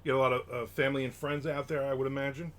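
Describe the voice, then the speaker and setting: A man's voice: mid-range voice, flat delivery, rapid-fire. A man hosting a casual live stream, chatting and reading viewer comments aloud as he rambles from topic to topic. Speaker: livestream host.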